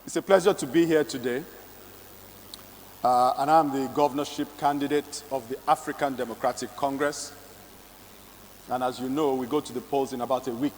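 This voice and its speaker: Measured man giving a speech. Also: mid-range voice, darkish tone, slight background noise. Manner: measured, hesitant. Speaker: political candidate. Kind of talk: campaign speech. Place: large event hall. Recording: reverberant hall, mic at a distance.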